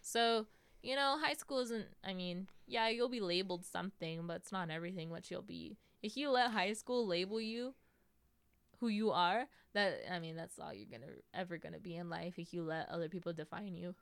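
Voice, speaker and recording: Young woman, American, casual chat, chatty storytelling, crisp voice, dry sound. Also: fairly low pitch, normal speed, no room sound. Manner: chatty storyteller, lots of "like" and "you know"; acts out quotes in a raised voice. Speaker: podcast co-host.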